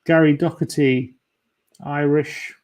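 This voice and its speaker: Taking things slowly, a man with a high-leaning, darkish, steady voice hosts a fan livestream. He chats casually and mutters guesses to himself as he plays a quiz.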